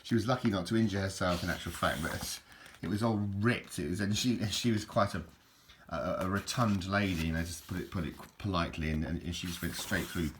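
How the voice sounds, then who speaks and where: In a noisy home recording, a man with a low voice chats briskly about an old repair book he's flipping through. As a book reviewer, he rambles and keeps restarting his sentences.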